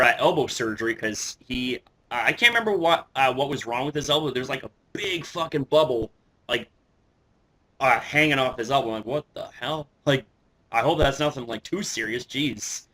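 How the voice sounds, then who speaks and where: Bright-voiced excitable male vlogger. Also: medium pitch. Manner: excitable, swears a lot, many fillers and restarts. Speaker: wrestling vlogger. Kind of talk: casual reaction commentary.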